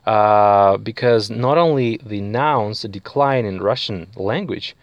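Slow, patient male language teacher. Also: on the low side, no echo, muffled recording. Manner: slow, patient explaining with many fillers and check-ins. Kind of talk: spoken language lesson.

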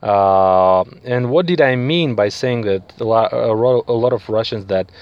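A man's voice: fairly low pitch, measured pace, clean tone, dry recording, muffled recording. A man teaching a beginner language lesson, explaining patiently with many fillers and frequent check-ins with the listener.

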